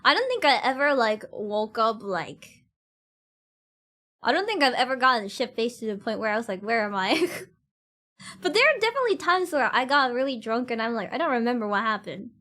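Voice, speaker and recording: A woman's voice: on the high side, very animated, a little fast, bright, forceful tone. A woman streamer chatting casually with her viewers, giggling and laughing often, with loose, slightly non-standard grammar.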